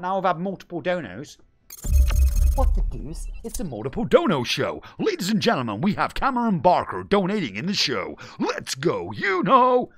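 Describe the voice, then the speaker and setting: A man in his forties from England with a British accent, chatting on his live game stream with excitable shout-outs and banter. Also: fairly high pitch. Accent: British English. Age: 40s. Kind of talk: lively live-stream chat. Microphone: home streaming microphone.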